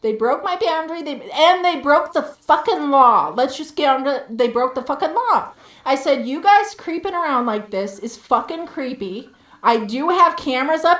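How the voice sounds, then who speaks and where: A woman's voice: sits high, a bit bright. A woman live streamer ranting heatedly while she games, swearing and repeating herself for emphasis. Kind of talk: venting rant while gaming live. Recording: roomy echo.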